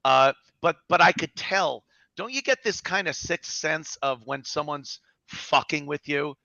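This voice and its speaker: A man's voice: on the high side, a little slow, vocal fry, pushed and bright, no room sound, muffled recording. A man in casual livestream banter, joking and swearing freely. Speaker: comedian panelist.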